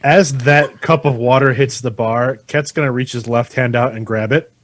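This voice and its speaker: A man's voice: medium pitch, moderate pace, noisy background. Playful man tabletop player. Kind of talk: tabletop role-play.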